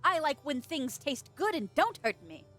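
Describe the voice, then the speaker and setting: A high-pitched woman streamer chatting with her audience, her voice leaping all over the place as she giggles and teases. She swears casually and sounds a little stuffy in the nose, close to her desk mic, with faint music under her. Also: sing-song, normal speed, a bit bright. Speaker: streamer reading chat. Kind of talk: casual live-stream chat. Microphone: desk microphone.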